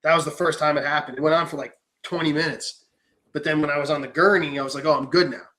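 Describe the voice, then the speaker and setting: Brief: young man, higher voice, rapid-fire animated storyteller with a foul mouth. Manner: animated storyteller, swears freely, acts out quotes. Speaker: podcast host. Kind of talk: casual chat.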